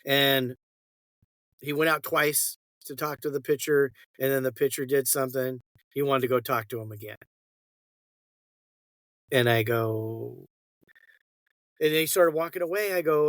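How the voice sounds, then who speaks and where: A man's voice: mid-range voice, steady tone, a little slow, long pauses, a bit bright, no room sound. A man co-hosting a podcast in casual chat, a rambling storyteller who acts out the dialogue he quotes. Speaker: podcast co-host.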